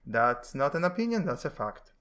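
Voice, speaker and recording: A man's voice: on the high side, very animated, normal speed, fairly bright tone, smooth. A man reading comic strips aloud with casual, jokey, mock-menacing asides. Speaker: comic-strip reader and commentator.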